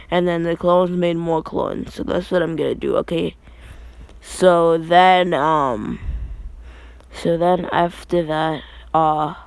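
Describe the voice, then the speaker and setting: A young man rambles through an anime fan story with lots of fillers and restarts. His voice sits slightly high with a gravelly texture, recorded dry and close. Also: dry recording. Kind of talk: casual fan story retelling.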